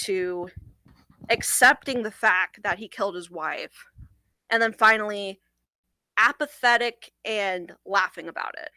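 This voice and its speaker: A young woman tells of a hard call from her hotline work, earnest and a little halting, with plenty of "like" along the way. Her voice is bright and taut, set at a middle pitch. The sound is dry and close. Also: dry recording, poor audio. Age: young adult. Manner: earnest, halting, with frequent "like" fillers. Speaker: domestic violence hotline worker. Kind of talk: recounting a personal experience in an interview.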